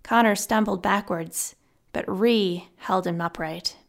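A woman reading a fantasy novel aloud as scripted narration, in a subdued, measured voice. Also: medium pitch, creaky. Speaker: audiobook narrator.

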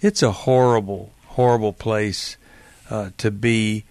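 A man's voice: lowish voice, fairly even intonation, takes it slowly, a little mellow, no echo. A male radio talk show host giving earnest, emphatic and empathetic advice to callers in a studio.

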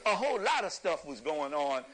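A man giving an impassioned lecture to an audience, preacherly and emphatic, rising at times to a shout and chuckling through his points. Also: on the high side, sing-song, moderate pace, low-quality recording.

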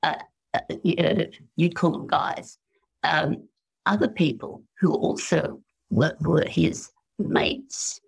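An Australian woman as an interview guest, telling spiritual stories in a slow, musing way and acting out the voices she quotes. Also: low-pitched, creaky, slightly rough.

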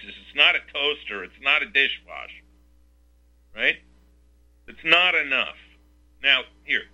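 A man's voice: fairly high pitch, pushed and bright. Male radio host, combative rhetorical rants, piercing tone, muffled radio sound. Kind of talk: talk radio commentary.

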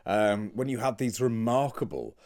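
Lively Liverpudlian man chatting. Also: on the low side, moderate pace. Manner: animated storyteller, laughs while telling anecdotes. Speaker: podcast co-host; drama teacher. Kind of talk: casual chat.

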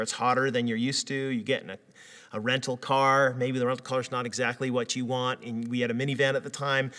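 A middle-aged man preaching a sermon, telling a family story and building to loud, emphatic declarations. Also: medium pitch. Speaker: pastor. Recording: echoey hall reverb.

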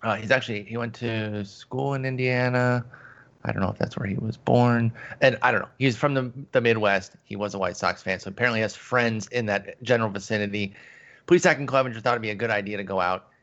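Gravelly-voiced man hosting a podcast. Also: fairly low pitch, steady tone, fairly quick, a bit bright, highs cut off. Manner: jokey, rambling, laughs easily. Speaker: podcast host. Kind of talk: casual sports podcast chat.

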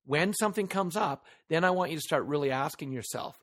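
A man's voice: fairly high pitch, animated, fairly quick, few pauses, fairly bright tone. A man hosting a solo motivational podcast who talks earnestly into a microphone, leans hard on key words and asks the listener rhetorical questions. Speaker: podcast host.

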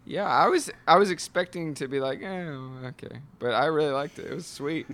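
A man's voice: a little high, expressive, brisk, a bit bright. A man in a casual movie chat who agrees a lot and talks with many "like"s. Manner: agreeable, many yeahs and likes.

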